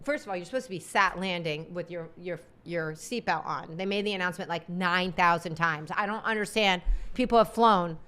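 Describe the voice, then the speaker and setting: Woman, podcast co-host, casual storytelling, exasperated, smooth clear voice. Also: fairly low pitch, a little fast. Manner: animated, exasperated, acts out quotes.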